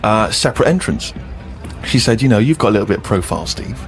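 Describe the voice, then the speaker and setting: Guy on a podcast telling embarrassing stories, pitch jumping all over, music underneath. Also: fast. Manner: animated, self-deprecating anecdotes. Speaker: podcast co-host. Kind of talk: casual storytelling chat.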